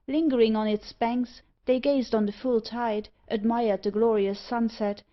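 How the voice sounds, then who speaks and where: A woman narrating an audiobook in a steady, even reading voice. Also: mid-range voice. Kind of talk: scripted narration. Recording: slightly dull audio.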